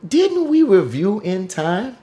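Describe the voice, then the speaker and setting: Brief: man co-hosting a podcast, fairly high voice, emphatic, full of slang. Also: very animated, slow pace, dark tone. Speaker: podcast co-host. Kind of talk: casual film review chat.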